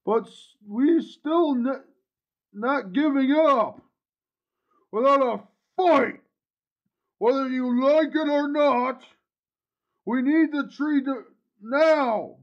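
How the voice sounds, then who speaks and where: Man doing a high, pleading cartoon wizard. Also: slow, long pauses, highs cut off, heavily acted. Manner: pleading, whiny. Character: panicky pleading male wizard.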